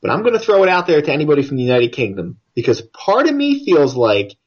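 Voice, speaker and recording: A man's voice: a little high, sing-song, quick pace, slightly rough, highs cut off. An American man co-hosting a podcast, chatting casually and jokily about a film. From United States. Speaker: podcast co-host.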